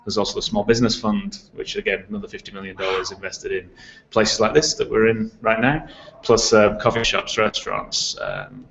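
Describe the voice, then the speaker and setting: A man with a mixed English and Australian accent, a company founder explaining his work in a measured, businesslike conference interview. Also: lowish voice, big pitch swings, gravelly, a bit bright, roomy sound, slight background noise. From England and Australia. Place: theater stage at a conference. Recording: dull lo-fi sound.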